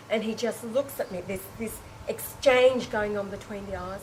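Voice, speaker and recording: A woman's voice: medium pitch, normal speed, few pauses, poor audio. A woman with a mid-range voice tells a personal story to a small group, swept along by it. She exclaims, restarts her sentences, and breaks into laughter or tears. A faint ambient hum sits behind her. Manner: animated and emotive, with frequent exclamations and restarts; laughs and tearful breaks while telling. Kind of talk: emotional personal anecdote.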